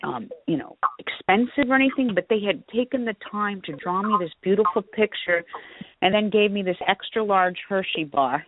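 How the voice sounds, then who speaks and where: A woman hosting a talk radio show chats casually in a phone interview, gushing over her guest with warm-hearted asides. Her medium-pitched voice has lively intonation and normal speed. The recording is dry, over a tinny phone line with faint hiss.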